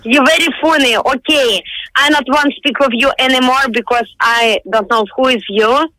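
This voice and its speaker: A woman's voice: high-pitched, normal speed, bright, forceful tone, no echo, low-quality recording. Blunt young woman with a Russian accent. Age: 20s. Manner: blunt, irritated, broken English. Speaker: prank call target. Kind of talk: phone call.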